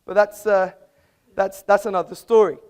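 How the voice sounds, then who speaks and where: A man's voice: sits high, little pitch movement, normal speed, darkish tone, smooth. A man giving a formal debate speech in an auditorium, lecturing and argumentative, with rhetorical questions.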